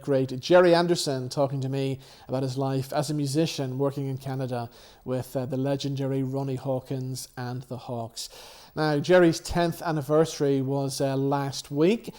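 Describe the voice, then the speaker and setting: A man's voice: mid-range voice, level tone, normal speed, darkish tone. A man hosting a TV chat show, introducing a guest and asking questions. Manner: brief encouraging interjections, smooth scripted links. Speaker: TV show host.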